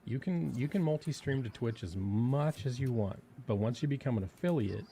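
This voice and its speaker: A man's voice: mid-range voice, animated, moderate pace, a crowd in the background. A man co-hosting a livestream, laid-back and casually explaining things. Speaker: co-host. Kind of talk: casual chat.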